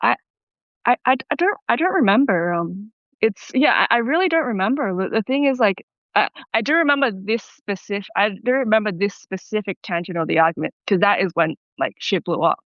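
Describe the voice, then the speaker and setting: Young woman caller, stumbly and halting, dull muffled line, dry. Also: medium pitch, lively intonation, dry recording. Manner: halting, many restarts, nervous laughs. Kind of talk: call-in advice conversation.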